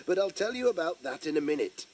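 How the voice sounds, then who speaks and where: An actor voices a cheerful, friendly village postman narrating a children's audio story, chirpy and chatty as he speaks directly to young listeners. The adult man's voice is on the high side, sing-song, fast, and a little mellow.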